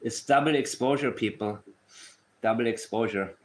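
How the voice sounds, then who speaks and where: Speaking at medium pitch and a moderate pace, a true-crime livestream host talks to his chat with sarcastic, mock emotion. He reads letters out in a syrupy, ridiculing tone.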